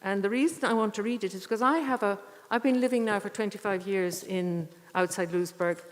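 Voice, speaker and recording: A woman giving a poetry reading with short spoken introductions, earnest and unhurried, with thoughtful pauses. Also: mid-range voice. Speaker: poetry reader at a tribute evening. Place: church. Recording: echoey church hall.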